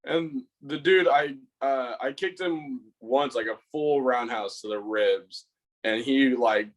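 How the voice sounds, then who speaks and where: A man's voice: medium pitch, slow pace, low-quality recording. A young man on a podcast telling a rambling, swear-filled story about a fight, acting out what he said. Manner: rambling, swears a lot, acts out his own lines. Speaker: podcast co-host. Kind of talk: casual storytelling.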